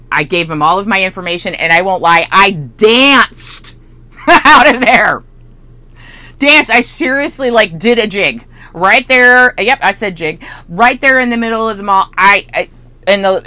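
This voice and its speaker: A middle-aged woman coach telling a personal story in a casual, animated way, laughing often. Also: dry recording. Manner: animated and expressive, laughs often, rising to high excited peaks. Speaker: mindset and business coach.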